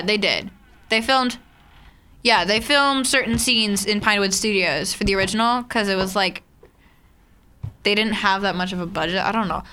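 A woman's voice: mid-range voice, bright, forceful tone, clear, resonant tone. A woman co-hosting a casual chat, rambling and full of fillers and self-corrections. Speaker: co-host.

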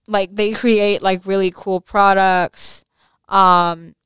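A woman's voice: mid-range voice, flat delivery, slow pace, fairly bright tone, smooth, dry recording. A young woman with a lisp hosting a casual solo podcast, rambling with many fillers and restarts. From United States. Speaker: podcast host.

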